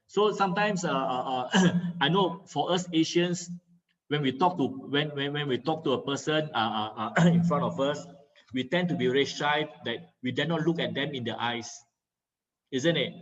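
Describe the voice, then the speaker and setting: A man teaching communication skills in an online lecture, talking over a video call. He speaks in a teacherly way, fills pauses with many drawn-out "uh"s and often checks understanding with "okay?" or "right?". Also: mid-range voice, a bit bright, muffled recording.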